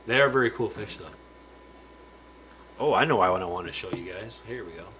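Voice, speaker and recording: Brisk and lively in intonation, a man with a lowish voice hosts a casual live stream from the aquarium-filled fish room in his home. Over crowd noise on a low-quality recording, he chats freely, greets viewers by name, and now and then trips on a word.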